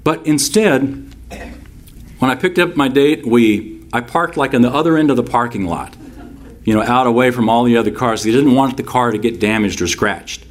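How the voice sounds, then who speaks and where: Guy preaching a sermon, average pitch, hammers points by repeating them, drifts into chatty stories. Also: moderate pace. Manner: emphatic, repeats key phrases; folksy storytelling with asides. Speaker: pastor.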